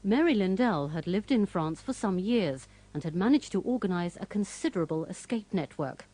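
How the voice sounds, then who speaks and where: A woman giving scripted documentary narration in a measured, even way. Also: mid-range voice, rough recording.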